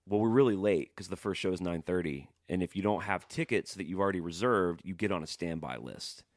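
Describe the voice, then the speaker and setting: A man's voice: deep voice, fairly quick, no room sound, clean studio sound. A man hosting a podcast, telling a long rambling story in casual chat and acting out the people in it, swearing freely. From not from New York. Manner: rambling animated storyteller, acts out quotes, swears. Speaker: podcast host.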